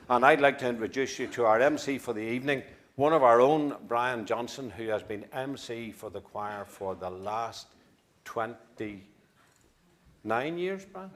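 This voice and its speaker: A man's voice: on the low side, fairly bright tone, a little hiss or hum. A man, speaking for a choir and introducing the evening's host in a large church through a stage microphone, upbeat and full of praise with light asides. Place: large church at a live concert.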